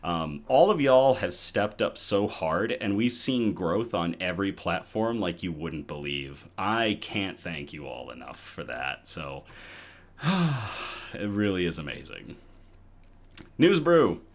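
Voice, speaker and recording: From his home, a man hosts a laid-back live show about good news, sounding chatty, upbeat, and slightly out of breath. His voice is low, expressive, and slow, and he chuckles and restarts as he goes.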